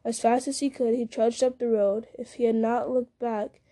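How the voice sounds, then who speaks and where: A woman reads a story aloud at a measured pace, now and then slipping and starting a line over. Her voice sits fairly high, with a mellow, soft-edged tone. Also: flat delivery. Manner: measured, with occasional slips and restarts. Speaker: reader. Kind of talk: audiobook-style story reading.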